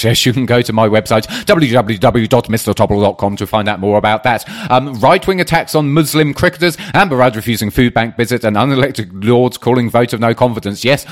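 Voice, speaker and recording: A man hosting a solo talk show, chatty and wry, with frequent ums and asides as he reads listener messages. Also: mid-range voice. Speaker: podcast host reading listener tweets. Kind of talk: casual solo commentary.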